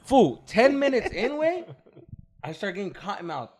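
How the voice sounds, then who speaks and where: A young man casually telling a long story on a podcast, animated and heavy on slang and profanity, acting out what people said. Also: sits high, moderate pace. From United States. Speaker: podcast co-host.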